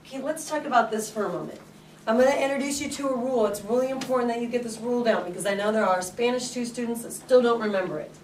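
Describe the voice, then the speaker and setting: A woman's voice: on the high side, a little hiss or hum. Woman teacher drilling a class. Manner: drills students with questions, stretches words slowly. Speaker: Spanish teacher. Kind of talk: classroom lesson. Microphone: camera from across the room. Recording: echoey classroom from far off.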